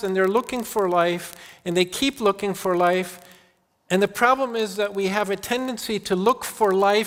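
A man's voice: high-pitched, normal speed, a bit bright. A man preaching a sermon as pastor, earnest, often repeating words and restarting his sentences. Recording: long hall reverb.

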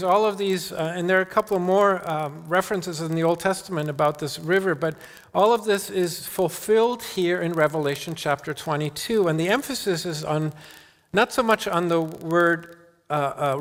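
Earnest pastor in an echoing hall. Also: male voice, on the high side. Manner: earnest, repeats words and restarts often. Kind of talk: sermon. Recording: long hall reverb.

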